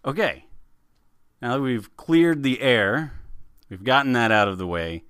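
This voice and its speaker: A man co-hosting a podcast in casual chat, animated and laughing, often repeating words as he starts a sentence. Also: mid-range voice, measured pace, clear, resonant tone, dry recording, studio quality. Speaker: podcast co-host.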